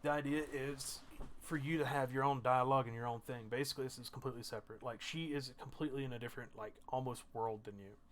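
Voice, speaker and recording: A young man running a tabletop role-playing game, narrating the scene and guiding his players. He talks casually and explains things in a relaxed way. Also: mid-range voice, fast talker, slight background noise. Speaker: game master.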